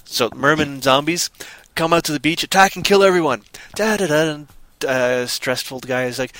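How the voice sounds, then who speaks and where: A man chatting on a podcast, animatedly retelling movie scenes and slipping into quick voices for the characters. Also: fairly high pitch, fairly bright tone, no room sound. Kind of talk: casual chat.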